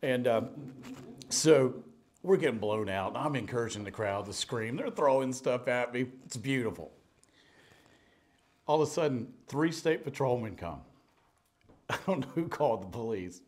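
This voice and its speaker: Brief: middle-aged man, pastor, lively storytelling sermon, pitch leaps around, drops to near-whispers. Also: unhurried, pauses often. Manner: animated, jumps between loud and hushed, laughs at own stories.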